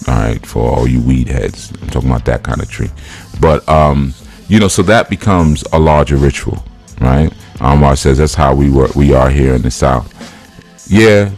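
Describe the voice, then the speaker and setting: A man's voice: rumbling low, a little mellow. A man, a spiritual teacher, giving a loose, joking, conversational talk while going through slides.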